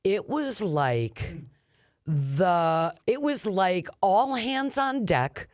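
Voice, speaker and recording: A woman from Minnesota, co-hosting a radio talk show and telling stories in an animated, laughing way. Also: medium pitch, no room sound, clean studio sound. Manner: animated storyteller, quick laughs. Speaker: radio co-host. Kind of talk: casual radio chat.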